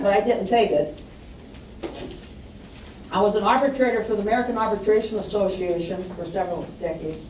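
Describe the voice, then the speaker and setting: A woman's voice: fairly high pitch, darkish tone, slight background noise. A woman giving a public talk on estate planning, telling client stories and acting out the voices of the people in them. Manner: storytelling, acts out quoted voices. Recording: distant mic in roomy hall, faint ambience.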